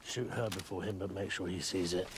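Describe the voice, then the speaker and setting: An actor playing a cold male secret police chief who gives flat, businesslike orders. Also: deep voice, brisk, noisy background, close to an everyday voice.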